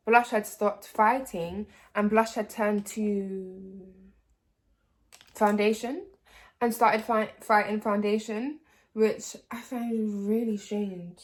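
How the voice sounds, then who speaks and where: A young woman, telling a story to camera in a casual vlog, rambling with lots of slang, swearing and filler words. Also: a little high. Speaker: vlogger.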